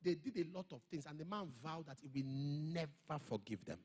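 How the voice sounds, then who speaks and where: A man's voice: on the high side, expressive, a little fast, darkish tone, husky. A man, preaching a sermon as he tells a story, emphatic and full of sudden exclamations. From Nigeria. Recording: long hall reverb.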